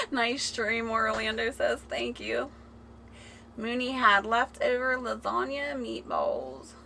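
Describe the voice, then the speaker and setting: Bright-voiced woman chatting on a livestream. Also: on the high side, animated, takes it slowly, gravelly, slight background noise, rough recording. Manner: chatty, laughing, reads viewer comments aloud. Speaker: livestream host. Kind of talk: casual livestream chat. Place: home, indoors. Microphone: phone camera.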